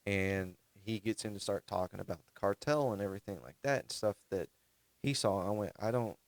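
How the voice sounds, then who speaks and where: A man's voice: lowish voice, fairly quick, no echo. A man co-hosting a podcast, telling long stories in a rambling casual way with many restarts. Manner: rambling storyteller, restarts often. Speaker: podcast co-host. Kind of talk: casual chat.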